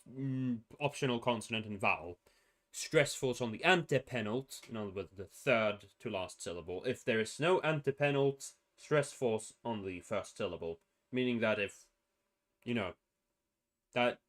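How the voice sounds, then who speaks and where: A man's voice: mid-range voice, fairly bright tone. Rambling young man explaining language rules. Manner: rambling, self-correcting, mutters to himself. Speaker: streamer presenting a constructed language. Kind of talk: casual livestream explanation.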